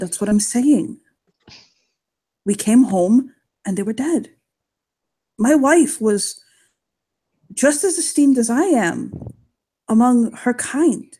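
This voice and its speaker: A woman's voice: on the high side, mellow, slightly rough, exaggerated voice. A woman voicing a grieving old male werewolf guard. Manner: halting, faltering speech. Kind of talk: in-character tabletop role-play.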